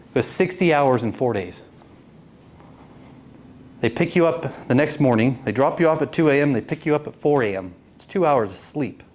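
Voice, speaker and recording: A man's voice: mid-range voice, a little mellow. A man in his late thirties telling a personal story to a networking group, earnest and often asking the audience questions. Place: meeting room.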